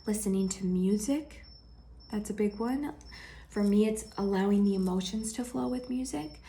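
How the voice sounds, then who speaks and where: A woman sharing a heartfelt personal vlog, speaking gently and intimately to the viewer and often dropping into a soft whisper. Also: medium pitch, moderate pace. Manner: affectionate, speaks straight to the viewer.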